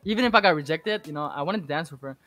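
A man's voice: fairly high pitch, racing, faint music behind. A man being interviewed as a podcast guest, telling a casual story full of swearing and restarts. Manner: rambling, heavy swearing, animated retelling.

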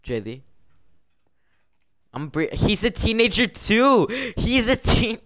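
A man's voice: sits high, sing-song, slow, fairly bright tone. A man live-streaming and running a game server, exasperated and scolding his players while laughing often. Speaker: livestreamer running a Minecraft server. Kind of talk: casual live-stream commentary.

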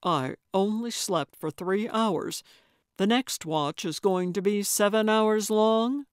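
A woman voicing a grumpy, blunt man with a gruff, lowered manner of speaking. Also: slow, no echo, clean studio sound, lightly acted.

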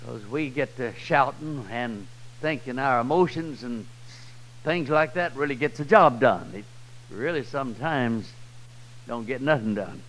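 A man with a Southern US accent preaching a sermon, swinging from loud, high cries to low, quiet passages. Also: unhurried, poor audio. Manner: swells loud and high then drops low and soft. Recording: old 1990s church tape.

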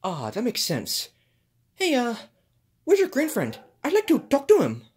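A woman's voice: fairly high pitch, huge pitch swings, a little mellow, slight background noise. A woman voicing a cheerful male cactus with a put-on Spanish accent, dropping Spanish words in home toy play-acting. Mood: friendly. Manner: sprinkles Spanish words, drawn-out "oh, see". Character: cheerful male Mexican cactus, friendly and easygoing.

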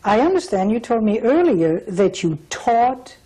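A woman's voice: a little high, big pitch swings, unhurried, warm tone, husky, poor audio. A woman hosting an interview, chatty and complimentary as she prompts her guest. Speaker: talk show host.

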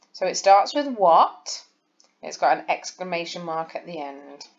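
A woman's voice: lowish voice, lively intonation, measured pace, muffled recording. A woman, a primary school teacher giving a recorded lesson and explaining patiently, step by step, to young children. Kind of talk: recorded lesson over slides.

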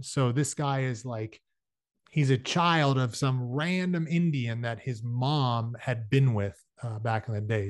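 Man, reads a novel aloud, casual asides, fillers, middle pitch, dry close sound. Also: no echo. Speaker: reader. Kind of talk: reading a novel aloud with commentary.

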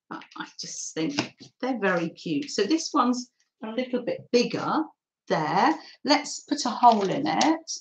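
A middle-aged woman hosting a live craft session, chatting warmly to viewers and reading their comments as she works. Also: fairly high pitch. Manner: friendly, reads out chat comments while crafting. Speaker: craft livestream host.

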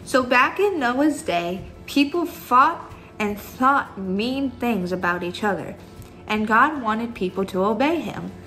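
A woman's voice: fairly high pitch, lively intonation, slow pace, pushed and bright, soft background music, low-quality recording. A young woman teaching a children's church lesson, chatty and upbeat, talking straight to the kids. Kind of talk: Bible story lesson for kids.

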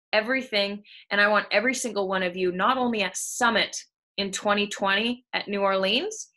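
With the window open in her room at home, a female team leader of a coaching group cheers her team on during a hyped motivational call, swearing freely. Her pitch is medium and her tone sharp.

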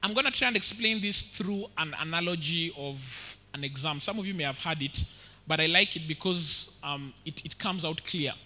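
A man with a Kenyan accent preaching a sermon, telling lively stories and mixing English with Swahili. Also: fairly high pitch, normal speed. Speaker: pastor. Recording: reverberant church hall.

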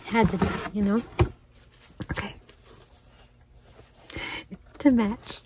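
A woman chatting casually and excitedly as she opens mail, often laughing and thanking the sender. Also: mid-range voice, takes it slowly, noisy background. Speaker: crafting vlogger. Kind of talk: casual unboxing chat.

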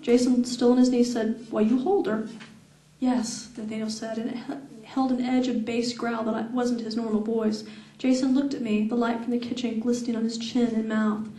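A woman's voice: fairly high pitch, a little fast, far from the mic. Woman reading aloud in an echoey room. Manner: steady reading with laughing asides to the audience. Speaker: author reading her novel. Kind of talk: live book reading. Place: event room with audience.

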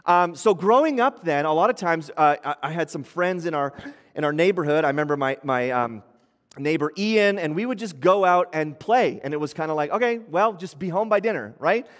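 Youngish pastor guy preaching casual-like, slightly high voice, big echoey church hall. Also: lively intonation, normal speed. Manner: conversational preaching with acted-out quotes. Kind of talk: sermon. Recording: long church hall reverb.

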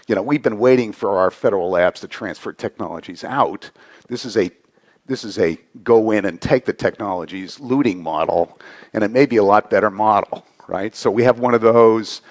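Man, very low voice, conference speaker, conversational, tags points with "right?". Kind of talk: conference talk. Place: conference hall.

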